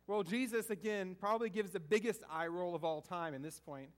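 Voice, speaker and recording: A man's voice: high voice, normal speed. A man from the American South giving a conversational sermon, asking the congregation questions and repeating key phrases. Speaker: preacher.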